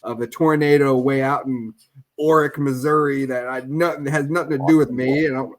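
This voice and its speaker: A man's voice: medium pitch, steady tone, moderate pace. A man co-hosting a podcast in casual chat, rambling and trailing off as he talks. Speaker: podcast co-host.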